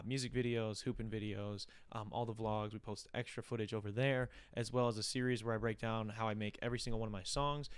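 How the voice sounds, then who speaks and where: A man's voice: medium pitch, clean tone, no room sound. A man hosting a casual podcast, telling stories in a loose, rambling way with lots of fillers, on a studio mic. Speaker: podcast host. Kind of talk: casual chat.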